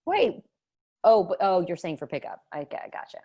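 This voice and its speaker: A woman hosts a laid-back podcast chat, her voice sitting a bit low for a woman. She talks in an easy, chatty way, giggles, and teases her co-host. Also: very animated, brisk, vocal fry, mellow. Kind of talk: casual chat.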